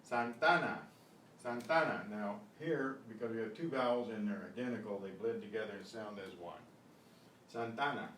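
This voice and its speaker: A man teaching a beginners Spanish class, patiently repeating words slowly for pronunciation drills. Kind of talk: beginner language lesson. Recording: echoey room, voice from a distance, faint rumble.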